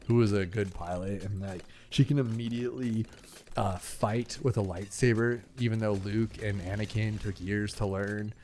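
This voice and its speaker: A man's voice: fairly low pitch, a little mellow, a little hiss or hum. A young man rambling casually while he plays and talks through a video game, full of fillers and asides. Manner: chatty, rambling, filler-heavy. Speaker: gaming channel host. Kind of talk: rambling casual gameplay chat.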